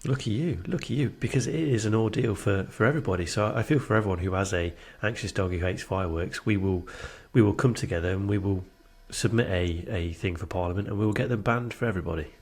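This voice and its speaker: A man's voice: lowish voice, quick pace, hardly any pauses, husky. A man from England co-hosting a casual football podcast, talking in a wry, playful, mock-indignant way. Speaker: podcast co-host.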